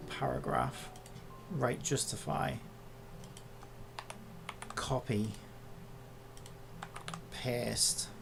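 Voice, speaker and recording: Gravelly exasperated creator muttering at a computer. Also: medium pitch, fairly even intonation, drawn-out words, long pauses, music in the background. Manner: muttering and swearing at software, exasperated. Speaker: content creator. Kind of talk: casual commentary while working on screen.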